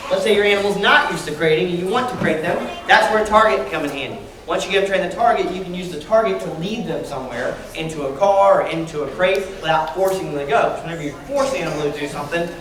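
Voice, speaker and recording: An animal trainer with a medium-pitched voice talks quickly and energetically to children at a library presentation, calling out to the crowd and asking them questions. The large indoor hall is echoey, the mic is far off, and the audience is noisy.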